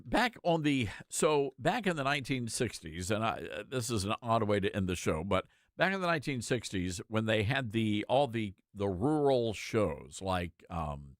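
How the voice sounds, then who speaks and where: A man's voice: fairly low pitch, no room sound, clean studio sound. A man hosting a talk show, chatting casually and joking with laughing asides. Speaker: host.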